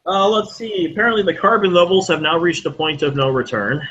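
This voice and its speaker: Man, co-host, laughs often, crude jokes, bright voice, muffled lo-fi audio. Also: high-pitched, fairly quick. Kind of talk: casual news chat. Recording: lo-fi with faint noise.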